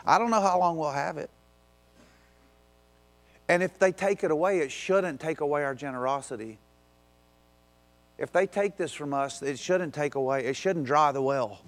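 A man pastor preaching a sermon in a conversational way, slipping into quick acted asides and pressing his listeners with urgent exhortations. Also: fairly high pitch.

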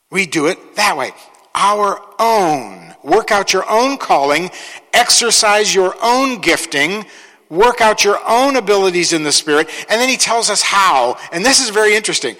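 Male pastor, fairly high and forceful voice, emphatic preaching with ironic asides. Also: expressive, a little slow, in a large hall. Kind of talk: sermon.

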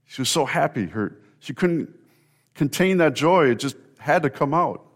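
A middle-aged male pastor giving an Easter sermon, telling a story earnestly with rising emphasis and pauses. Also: a little high, lively intonation.

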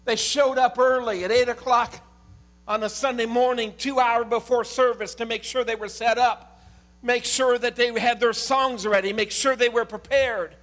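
A middle-aged man preaching a sermon as a pastor, swinging from impassioned shouting to quiet storytelling. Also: extremely high pitch, steady tone, moderate pace.

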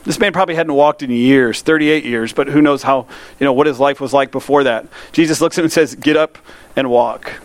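A man delivering a sermon in an earnest, searching way, pressing his listeners with direct questions. His voice sits at an ordinary middle pitch, and he slows right down when he reads scripture aloud. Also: dry recording. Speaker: pastor.

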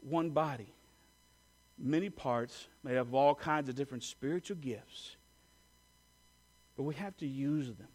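A man's voice: medium pitch, a little slow, pauses often, a little mellow. A male pastor giving a sermon in a conversational way, with fillers and self-corrections, and leading the congregation in call-and-response.

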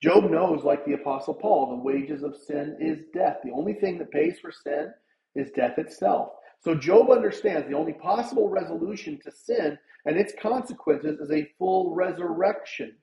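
A man's voice: on the high side, moderate pace, gravelly, mellow, roomy sound, low-quality recording. A male pastor preaching a sermon in an earnest, conversational way, his voice rising for emphasis.

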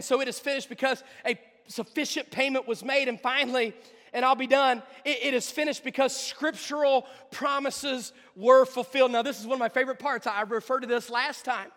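Male pastor, high voice, passionate sermon with loud peaks and hushed asides, long church reverb. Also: steady tone, fairly quick. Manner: swings from loud emphatic preaching to low quiet asides.

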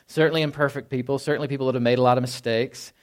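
A middle-aged man from Texas preaching a sermon in a conversational way, often asking "right?" and acting out quoted lines in a low, quiet voice. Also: fairly even intonation, racing. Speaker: pastor.

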